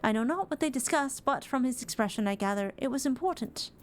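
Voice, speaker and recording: A formal, mild-mannered conjurer, voiced by a woman, speaks in an exaggerated British accent. The voice sits lower than her own and moves briskly. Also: expressive. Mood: recalling. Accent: put-on British.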